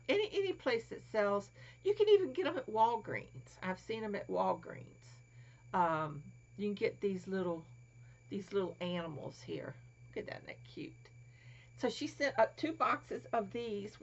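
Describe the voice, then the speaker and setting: A woman's voice: medium pitch, creaky. A woman showing crafts in a casual vlog, cooing over little toys and often dropping to a whisper. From Florida. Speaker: crafting vlogger. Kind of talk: casual show-and-tell vlog. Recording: dull lo-fi home recording, faint hiss.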